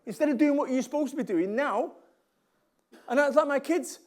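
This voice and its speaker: A man with a Mancunian accent whose voice sits very high for a man. He talks to a live audience as a motivational speaker, blunt and jokey, and he hammers points home by saying them twice. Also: normal speed. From Salford, England. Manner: blunt, jokey, repeats lines for emphasis.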